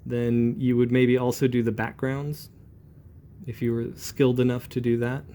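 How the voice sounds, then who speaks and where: A man in his forties talks calmly while he demonstrates brush inking, rambling a little as he works. His voice sits at an ordinary pitch and sounds mellow and warm. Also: normal speed. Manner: relaxed, rambling, calm and chatty. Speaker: comic book inker.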